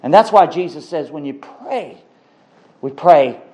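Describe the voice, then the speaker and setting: A man's voice: fairly high pitch, lively intonation, unhurried, mellow, poor audio. A man preaching a sermon, emphatic and given to repeating words for stress.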